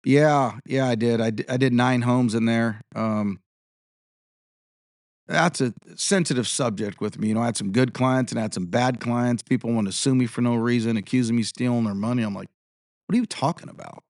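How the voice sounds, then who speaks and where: A man's voice: medium pitch, moderate pace, darkish tone, no echo, studio quality. A man in his fifties, a guest in an interview, telling rambling anecdotes in a casual way and acting out the dialogue he quotes. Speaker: interview guest, tribal chairman and contractor.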